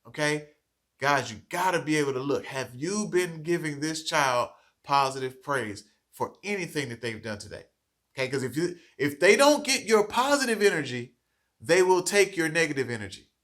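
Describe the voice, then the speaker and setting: A man's voice: on the high side, animated, normal speed, fairly bright tone. A man giving a training talk to childcare teachers, earnest and coaching, often checking in with "okay?".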